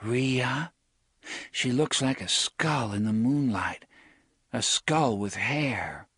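A man's voice: mid-range voice, expressive, slow, fairly bright tone, husky, dry recording, studio quality, voice pushed up, full character voice. A man voicing a young woman in a hypnotic trance, dreamy and lilting, sometimes like a small child.

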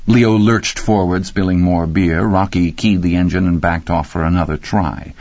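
A man reading an audiobook in a wry, expressive storytelling manner. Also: sits low, normal speed, no room sound. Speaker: audiobook narrator. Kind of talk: scripted narration. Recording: dry, slightly muffled recording.

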